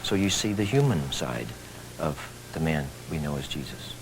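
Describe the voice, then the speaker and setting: A man's voice: a bass voice, expressive, moderate pace, a little hiss or hum, rough recording. A middle-aged man from Texas, a stage actor speaking earnestly, with dry humor, as a TV talk show guest. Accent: Texan.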